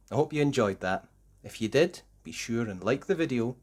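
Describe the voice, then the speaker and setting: A man reading a children's picture book aloud, narrating slowly and expressively for young listeners. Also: mid-range voice, slightly rough. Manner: slow, expressive storytelling. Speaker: storybook reader.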